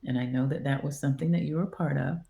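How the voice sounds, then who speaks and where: Low-voiced woman, lively storyteller. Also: very fast, creaky, narrow, tinny audio. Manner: animated, acts out quoted dialogue. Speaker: podcast guest, mother. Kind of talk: casual storytelling in conversation. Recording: roomy echo.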